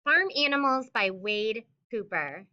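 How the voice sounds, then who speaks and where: Lively high-voiced woman teacher reading aloud. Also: unhurried, dull audio. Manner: expressive storybook reading, animal sounds. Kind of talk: reading a picture book aloud to children.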